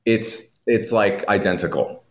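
A man, a guest from New York, telling animated stories in casual chat and swearing freely. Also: on the low side. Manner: animated storytelling, heavy swearing, quick asides.

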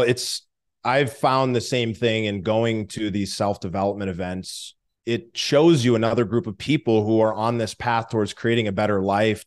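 A man hosting a podcast, asking a guest about her story in a reflective way. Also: on the low side. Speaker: podcast host. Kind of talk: interview questions.

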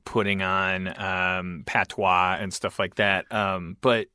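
A male podcast host in casual chat, rambling and halting, with many restarts. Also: low voice, level tone, pushed and bright, smooth, dry recording, studio quality.

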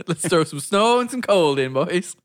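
A good-humored man co-hosts a podcast with his friends, chuckling often. His voice sits high, and his pitch swings widely. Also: lively intonation, unhurried. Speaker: podcast co-host. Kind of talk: casual banter among friends.

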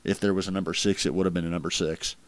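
A man's voice: low voice, little pitch movement, rapid-fire, no echo. A man hosting a casual podcast chat, rambling with lots of fillers. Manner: rambling, filler-heavy, laughs at crude jokes. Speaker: podcast host ranking wrestling matches.

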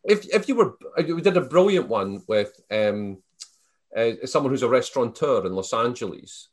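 Lively Scottish man telling stories. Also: medium pitch, normal speed. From Scotland. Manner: storytelling, animated, many restarts and fillers. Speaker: guest. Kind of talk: casual interview chat.

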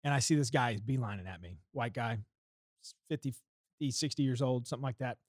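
A man's voice: medium pitch, expressive, brisk, no echo, clean studio sound. A man from the United States telling a story on a podcast in a profane, heated way. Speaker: podcast co-host.

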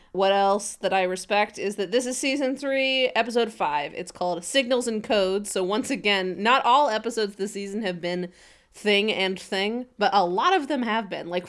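A woman's voice: medium pitch, a bit bright. Woman co-host, casual and playful with dry sarcasm, laughs easily. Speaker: podcast co-host. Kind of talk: casual comedic podcast chat.

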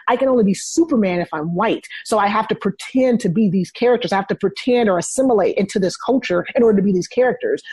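A woman's voice: medium pitch, darkish tone, husky, no room sound. A woman in her thirties talking earnestly in a casual discussion, stressing her points with repeated phrases. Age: 30s.

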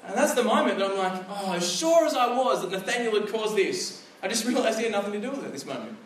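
High-voiced pastor preaching in an echoey hall. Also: male voice, quick pace, slight background noise. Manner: conversational, storytelling with animated asides. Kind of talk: sermon. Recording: echoey room, picked up from a distance.

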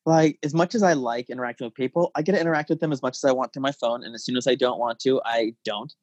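A man hosting a casual podcast chat, joking and animated, laughing often. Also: medium pitch, fast talker, no room sound, muffled recording. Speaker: podcast host. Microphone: podcast mic.

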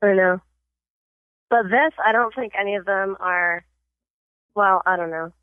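A woman's voice: medium pitch, measured pace, no echo. Woman on a tinny phone line, quizzing. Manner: quizzing, giggly, brief verdicts. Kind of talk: casual chat.

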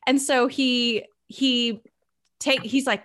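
Woman, podcast host, storytelling, lively quoted voices, higher pitch. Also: moderate pace. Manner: animated storyteller, acts out quoted characters. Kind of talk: conversational storytelling.

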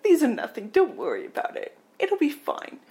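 A woman's voice: sits high, huge pitch swings, normal speed, warm tone, pitched above the performer's own voice, heavily acted. Woman doing a keen suitor guy, upbeat, reassuring. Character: Jan, eager doomed male suitor.

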